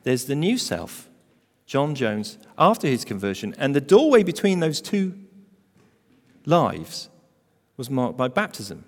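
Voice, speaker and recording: Expressive male pastor preaching in a reverberant hall. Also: medium pitch, a little slow, pauses often. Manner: emphatic, builds to loud stressed phrases. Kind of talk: sermon.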